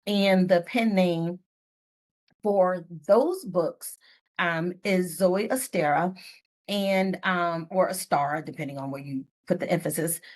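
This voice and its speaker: Expressive low-voiced woman author. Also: slow. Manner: expressive, animated storyteller with playful asides. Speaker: guest author. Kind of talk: podcast interview, casual storytelling.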